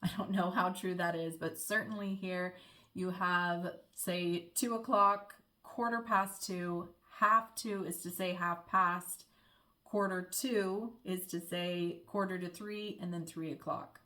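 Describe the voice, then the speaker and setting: A woman's voice: fairly low pitch, fairly even intonation, slow, pushed and bright. A young American woman living abroad, explaining local words in a friendly, chatty vlog with the odd small laugh. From United States. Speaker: vlogger.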